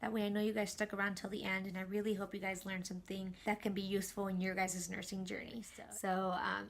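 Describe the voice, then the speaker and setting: Chatty young woman vlogger. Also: mid-range voice. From California. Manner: chatty, lots of "like" fillers. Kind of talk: casual storytelling to camera.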